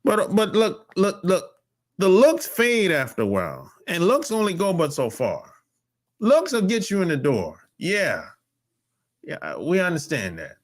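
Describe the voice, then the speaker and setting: A North American podcast host delivers a casual monologue at a measured pace in a lively voice. He's blunt, profane and emphatic, with sudden jumps in pitch.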